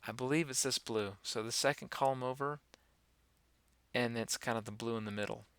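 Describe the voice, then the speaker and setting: Man, gravelly bright voice, relaxed rambling software tutorial, dry close sound. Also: medium pitch, a little fast, no room sound. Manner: relaxed, rambling, many fillers. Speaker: animation instructor. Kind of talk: screen-recorded software tutorial.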